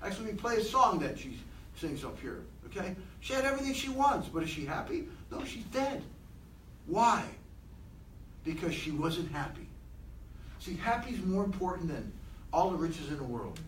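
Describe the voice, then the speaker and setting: A man giving an animated motivational talk to a room of people, asking them many questions. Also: sits high, normal speed, echoey room, far from the mic, slight background noise, low-quality recording. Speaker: motivational speaker.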